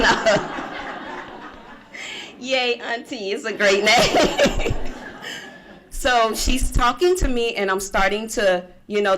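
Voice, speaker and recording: Middle-aged woman, forum speaker, animated storyteller who plays all the parts herself, mid pitch. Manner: animated storyteller acting out past conversations. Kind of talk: personal story told to an audience. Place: conference room.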